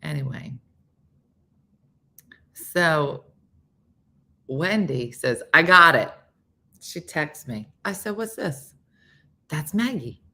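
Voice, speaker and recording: A woman with a low voice hosts a casual morning show, her pitch swinging widely as she tells stories. She acts out the people she quotes, laughs often and sometimes drops to a whisper. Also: animated, extremely slow, pauses often. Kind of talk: casual storytelling chat.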